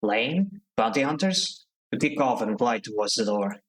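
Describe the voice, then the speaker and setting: A man streams a narrative game, reading its text aloud in a middle-pitched voice at a moderate pace. Between passages he drops in relaxed, joking asides, and the audio quality is poor.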